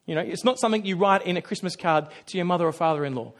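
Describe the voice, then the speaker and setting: High-voiced pastor with animated storytelling. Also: male voice, racing. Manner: animated storytelling with self-deprecating humor; acts out little voices in his stories. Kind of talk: sermon.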